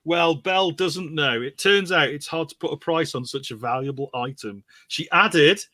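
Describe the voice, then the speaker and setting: A man's voice: on the high side, normal speed, sharp tone, no room sound, studio quality. A man co-hosting a comedy podcast, reading quirky news stories aloud and adding quips. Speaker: co-host.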